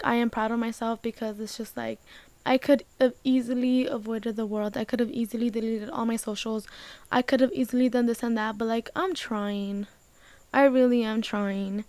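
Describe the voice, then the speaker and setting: Tearful and emotional, a young female vlogger rambles to the camera, filling her speech with "like" and the occasional casual swear. Her fairly high voice comes across clear and resonant, with no room sound at all.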